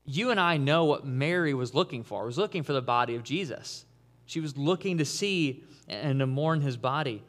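A man preaching an Easter sermon in a conversational, animated way, acting out the people he quotes. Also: mid-range voice, moderate pace. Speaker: pastor.

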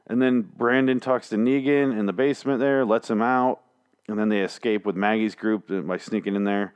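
A man's voice: fairly low pitch, fairly even intonation, moderate pace, smooth. A man recapping comic chapters in a casual, rambling, sarcastic monologue, swearing freely and slipping into mock voices. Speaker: comic book reviewer.

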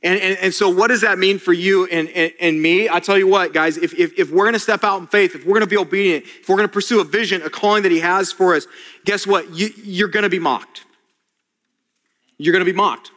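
A fairly high, bright-voiced man preaching a casual, earnest sermon. He stumbles and repeats words as he presses his point to the congregation. His voice rings with the long reverb of a big hall. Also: steady tone, brisk. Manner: earnest, repetitive stammering restarts, addresses listeners as "you guys". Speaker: pastor.

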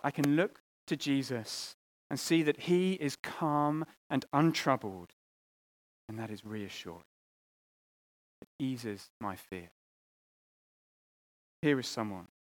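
A man preaching a sermon, earnest, often repeating words and swinging between loud appeals and quiet, hushed lines. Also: mid-range voice.

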